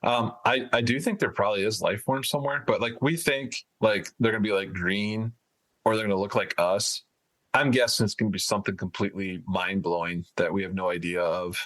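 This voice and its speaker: A man's voice: fairly low pitch, fairly even intonation, fairly quick, a bit bright. A man co-hosting a podcast in casual chat, rambling and hedging as he talks. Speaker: podcast co-host.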